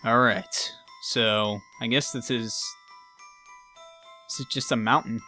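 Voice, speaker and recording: A man's voice: medium pitch, moderate pace, sharp tone, soft background music. A man giving casual gameplay commentary, ranting with exasperated profanity and jokes. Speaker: let's play commentator.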